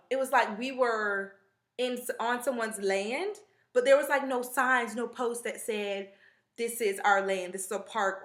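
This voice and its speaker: A young woman with a bright, forceful voice pitched a little high chats straight to her camera. She tells her story in a rambling, animated way with plenty of fillers. The room around her rings with echo. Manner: chatty, rambling, animated retelling with many fillers. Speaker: vlogger. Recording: echoey room.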